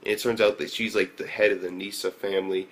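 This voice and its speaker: A man giving a casual anime episode review, swearing constantly and rambling through fillers, sometimes jumping into excited reactions. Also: fast. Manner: profane, loose storytelling full of fillers; jumps to excited high-pitched reactions.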